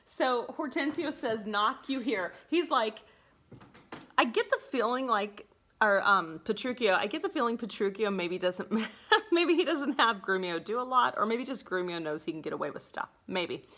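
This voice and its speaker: A woman's voice: fairly high pitch, lively intonation, moderate pace, bright, forceful tone. A woman teacher explaining a play in a chatty way, laughing often and saying "like" and "okay?" a lot. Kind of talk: casual classroom explanation.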